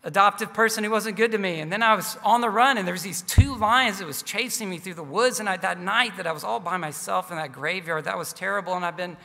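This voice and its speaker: A man's voice: high voice, fast talker, vocal fry, hardly any pauses, bright, forceful tone, big-room sound, heavily acted. A man voicing a frightened, exhausted little boy, in a raised, pleading tone. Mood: anxious, weary.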